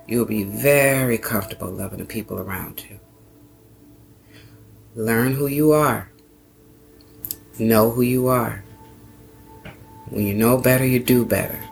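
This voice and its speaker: Gravelly man, earnest motivational podcast host, encouraging, repeats key phrases, soft music underneath. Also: mid-range voice. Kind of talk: motivational self-help monologue.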